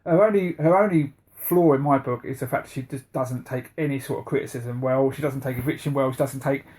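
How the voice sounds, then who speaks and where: A man co-hosting a casual podcast chat, animated and sweary, laughing often. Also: medium pitch, fairly quick. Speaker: podcast co-host.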